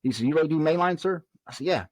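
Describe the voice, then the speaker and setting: His fairly high voice races along on a dry recording as the former prison officer, a man from the Southern United States, narrates a lengthy story for a podcast interview. He animates it by acting out what each person said.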